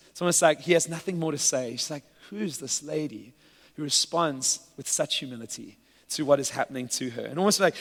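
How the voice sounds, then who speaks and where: A man preaching a sermon as pastor, earnest and at times playful with laughter. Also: fairly high pitch. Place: church sanctuary. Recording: church hall with long reverb.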